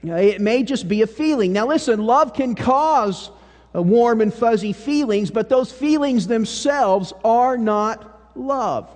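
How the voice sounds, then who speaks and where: Folksy pastor preaching in a hall. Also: male voice, very high-pitched, animated, a little slow. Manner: folksy storytelling, drops to a hush for serious parts. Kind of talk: sermon. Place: church sanctuary. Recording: church hall reverb.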